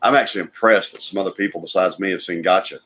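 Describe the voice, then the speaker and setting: A man's voice: sits low, fast, a bit bright, husky. A man, co-hosting a live stream and chatting casually about movies while reading viewer comments.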